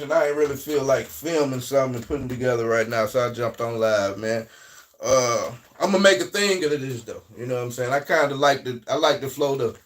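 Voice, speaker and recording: A man with a Southern US accent hosting a casual livestream, talking in a loose, rambling way that swings between loud and quiet. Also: medium pitch, distant mic. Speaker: livestream host.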